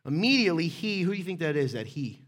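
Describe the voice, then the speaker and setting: A man preaching a sermon in a casual, conversational way, joking with people in the room by name and swinging between loud and hushed. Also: on the high side, big pitch swings, quick pace. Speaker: pastor.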